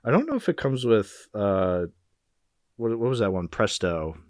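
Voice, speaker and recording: A man's voice: lowish voice, very animated, normal speed, dry recording, clean studio sound. A young man hosting a casual film podcast, laughing often and making sarcastic asides. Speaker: podcast host. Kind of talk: casual chat.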